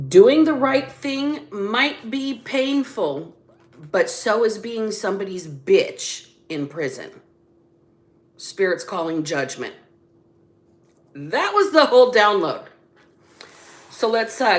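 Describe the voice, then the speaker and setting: A woman giving a casual tarot reading in a slow, unhurried delivery. Her voice sits in a middle range, and she talks bluntly, with sudden emphatic bursts. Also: medium pitch. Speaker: psychic tarot reader.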